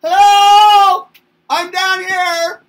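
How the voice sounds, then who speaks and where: A man voicing a tiny toddler calling up to tall parents, shouting upward shrilly. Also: very high voice, level tone, very slow, distant mic, voice pushed up, heavily acted.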